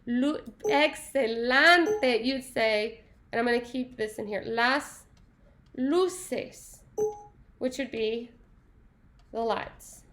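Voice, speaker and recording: Woman, Spanish teacher, high and unhurried, playful classroom energy. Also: fairly bright tone. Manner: upbeat, playful, sings snatches and praises answers. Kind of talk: classroom lesson.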